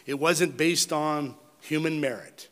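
Man preaching with loud and hushed swings. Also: slow pace. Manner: dynamic preaching, swinging from loud emphatic peaks to low quiet drops. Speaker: pastor. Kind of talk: sermon.

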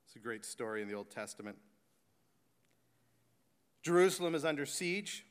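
A man preaching a sermon, moving from excited, animated talk to hushed, slow reverent passages. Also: mid-range voice, smooth. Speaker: pastor. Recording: echoey hall reverb.

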